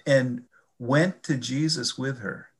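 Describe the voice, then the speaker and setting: An older man from the Chicago area, talking about faith in a reflective, halting way and often repeating his words. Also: mid-range voice, steady tone, breathy edge. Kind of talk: casual faith conversation.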